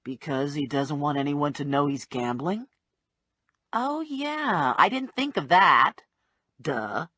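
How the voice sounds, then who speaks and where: A wry, breathy woman narrator. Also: sits low, slow pace, dry recording. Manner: wry, deadpan humor. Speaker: audiobook narrator. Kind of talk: first-person audiobook narration.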